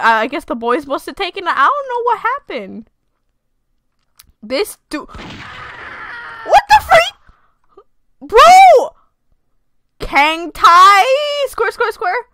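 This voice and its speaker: A woman commentating her own gameplay, reacting loudly and giggling, sometimes voicing the characters. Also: sits high, slight background noise. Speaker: gamer. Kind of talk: let's play commentary.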